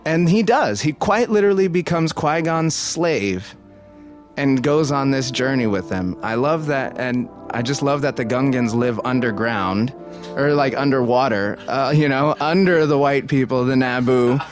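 A man's voice: medium pitch, measured pace, soft background music. A man giving casual film commentary, thinking aloud and digressing with many restarts.

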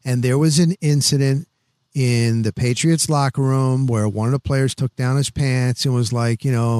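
A man in his sixties, a veteran sports reporter, telling stories on a podcast in an animated, rapid-fire way, full of "boom" and "blah, blah, blah". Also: no room sound, clean studio sound. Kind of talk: casual podcast storytelling.

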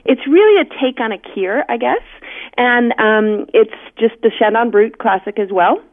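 A woman's voice: a little high, normal speed. Chatty woman on a tinny phone line. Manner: chatty, many fillers and restarts. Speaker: guest, drinks writer. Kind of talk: casual radio chat.

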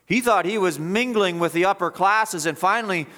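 A man's voice: high voice, moderate pace, sharp tone. A man preaching an expository sermon as pastor, emphatic and repeating phrases for stress.

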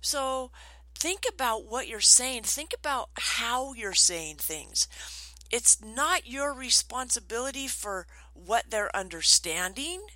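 Middle-aged woman, trainer, lively storyteller, bright and forceful tone, dry close sound. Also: on the high side, slow pace, dry recording, poor audio. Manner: animated, acts out quoted voices. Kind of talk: storytelling talk.

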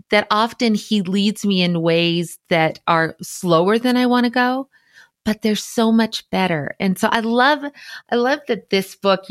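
A woman hosting a faith-based podcast, affirming her guest warmly and asking follow-up questions. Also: medium pitch, no room sound, clean studio sound. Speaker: podcast host.

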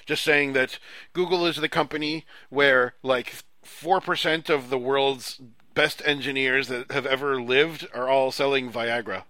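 A man's voice: medium pitch, fairly even intonation, unhurried, bright, forceful tone, dry recording. A man co-hosting a podcast, explaining things in a thoughtful, hedging way with likes and ums. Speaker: podcast co-host. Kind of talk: casual chat.

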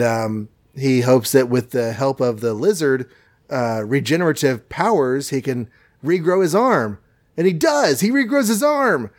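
A man hosting a podcast, casually recapping a cartoon episode with jokes and self-corrections. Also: medium pitch. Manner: rambling, self-correcting, jokey. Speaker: podcast host.

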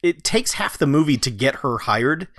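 A man in casual chat about a film, chiming in with wry jokes and quick quoted bits. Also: on the high side, animated, a bit bright, dry recording, clean studio sound. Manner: wry, chimes in with short jokey quotes. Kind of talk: casual movie recap chat.

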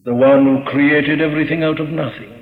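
A man delivers a sermon from a church pulpit with a slightly high-pitched voice. He speaks with solemn emphasis and repeats phrases as his fervor builds. The old recording sounds dull and muffled, and the voice rings out with a long, roomy reverb. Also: steady tone, a little fast. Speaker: preacher.

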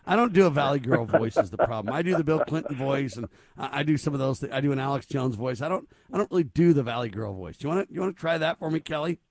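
Gravelly-voiced male talk show host. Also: medium pitch, animated, fast, hardly any pauses, no echo. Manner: joking, rambling, quizzes his co-hosts. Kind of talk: casual radio talk show chat.

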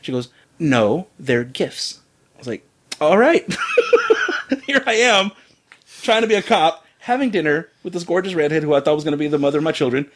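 A man's voice: a little high, quick pace. A man telling a funny personal story in casual chat, acting out the lines of others and laughing as he goes. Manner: animated, breaks into laughter, acts out quotes.

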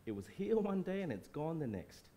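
Man as God, calm, patient, questioning, lively pitch. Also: moderate pace, a little hiss or hum. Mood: patient reasoning.

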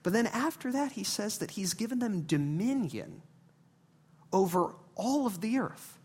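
A male pastor delivering a sermon in a church service. His delivery is lively and conversational, like storytelling. He drops to quiet asides and then jumps into loud, punchy bursts. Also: high voice, unhurried, breathy edge.

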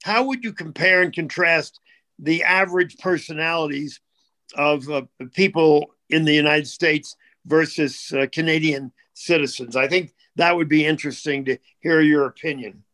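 A man hosting a podcast, asking long questions haltingly with many fillers. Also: a little high, bright, forceful tone. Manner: hesitant, drawn-out questions with fillers. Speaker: host. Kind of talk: casual podcast interview.

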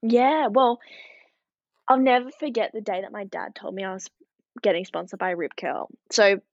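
A woman's voice: mid-range voice, dry recording. A young woman with an Australian accent, a professional surfer chatting casually as an interview guest, upbeat and full of "like" fillers. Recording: dull, dry lo-fi recording.

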